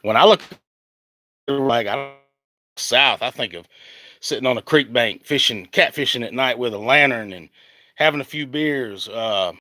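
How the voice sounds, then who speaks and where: A man's voice: mid-range voice, moderate pace, long pauses, pushed and bright. A man from the American South with a Southern accent, ranting casually on a phone livestream outdoors, rambling and restarting as he gets worked up. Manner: rambling, heated, restarts often. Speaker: country singer on a livestream. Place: outdoors in the heat. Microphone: phone at arm's length.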